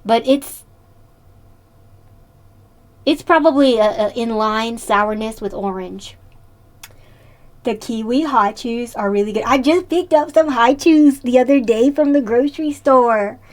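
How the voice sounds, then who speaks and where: A woman's voice: a little high, unhurried, pauses often. A woman live-streaming in casual chat, playful and talkative, answering her chat and laughing often.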